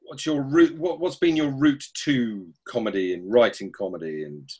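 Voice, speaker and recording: A man hosting a casual podcast interview, making dry jokes and talking haltingly, with many restarts. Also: medium pitch, darkish tone, husky. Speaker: podcast host.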